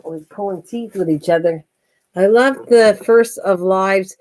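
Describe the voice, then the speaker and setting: An older woman hosts a craft live stream from home, talking in a loose, rambling way. She mocks herself often and laughs easily, with a voice of ordinary middle pitch. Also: a little mellow, slight background noise. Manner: chatty, self-mocking, quick to laugh. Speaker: craft channel host.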